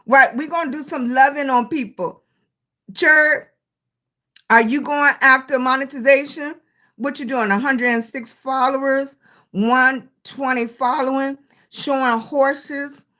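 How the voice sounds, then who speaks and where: A middle-aged Southern woman hosts a casual live stream, talking in a high, bright voice. She takes her time, greets viewers by name with "sweetie" and "baby," and cheers them on to keep going. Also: measured pace. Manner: warm greetings to chat viewers, with terms of endearment; encouraging, motivational. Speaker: livestream host.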